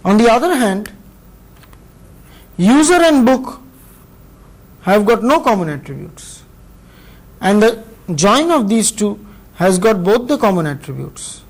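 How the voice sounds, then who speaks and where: A man with an Indian English accent giving a measured university lecture, explaining step by step with pauses between phrases. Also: sits high, very animated, low-quality recording. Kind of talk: recorded classroom lecture.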